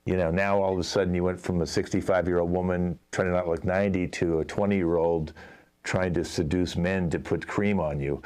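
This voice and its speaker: Deep-voiced exasperated director man. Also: fairly even intonation, brisk, a little mellow. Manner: exasperated, talky, many fillers. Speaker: improv show host, playing a commercial director. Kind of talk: improv comedy scene.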